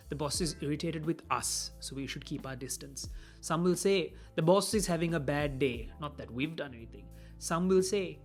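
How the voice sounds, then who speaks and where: A man who runs communication workshops, explaining things in a casual, conversational way and acting out quoted dialogue. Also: on the high side. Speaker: communication trainer. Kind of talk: casual motivational talk.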